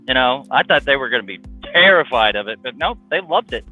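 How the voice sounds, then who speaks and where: A man's voice: fairly quick, few pauses, faint music behind. Man on a tinny phone line, telling stories. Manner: animated storyteller, imitates his daughters in a high voice. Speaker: guest, father of two. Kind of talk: casual chat.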